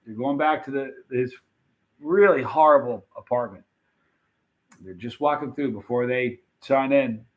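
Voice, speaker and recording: A man hosting a casual live stream, reading viewer comments and rambling excitedly about old movie scenes. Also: mid-range voice, measured pace, muffled recording. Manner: chatty, rambling, animated retelling of movie scenes.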